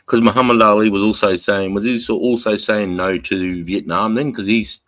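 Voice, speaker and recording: Low-voiced co-host, easygoing slangy banter. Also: male voice, fairly even intonation, moderate pace, a bit bright, no room sound. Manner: easygoing, swearing, says bro and mate. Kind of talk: casual chat.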